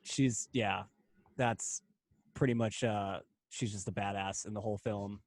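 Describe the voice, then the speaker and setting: A man's voice: lowish voice, fairly even intonation, a little slow. A man co-hosting a podcast in casual chat, easygoing, laughing between remarks and using loose fillers. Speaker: podcast co-host.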